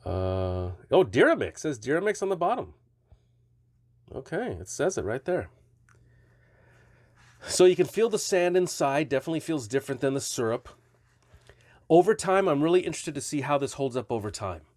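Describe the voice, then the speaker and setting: A man's voice: fairly high pitch, big pitch swings, normal speed, long pauses, darkish tone, no echo. Guy rambling through a toy review, bouncy up-and-down voice, dry close sound. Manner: chatty, rambling, self-correcting. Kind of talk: casual product review.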